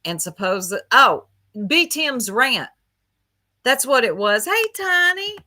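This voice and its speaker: Lady livestreamer, slow easy talk, bright voice, chatty and gossipy. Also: on the high side, sing-song. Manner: chatty, gossipy, laughs often, greets viewers by name. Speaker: livestream host. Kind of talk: casual livestream chat.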